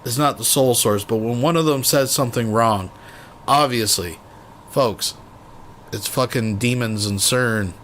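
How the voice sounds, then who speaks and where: A man's voice: medium pitch, unhurried, fairly bright tone, a little hiss or hum. A man hosting a commentary stream, mocking a played clip in a sarcastic, profane way. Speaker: reaction commentary host.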